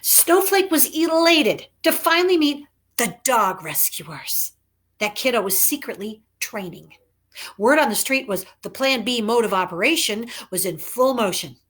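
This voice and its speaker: A woman author reading her own children's book aloud in an animated, emphatic, chatty way. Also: fairly high pitch, a little slow, husky. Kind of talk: children's storytelling.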